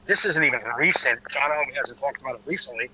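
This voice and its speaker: A man's voice: medium pitch, fast talker, sharp tone, lo-fi sound, a little hiss or hum. A man hosting a podcast, telling a story in a casual, profane and mocking way. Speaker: podcast host, comedian.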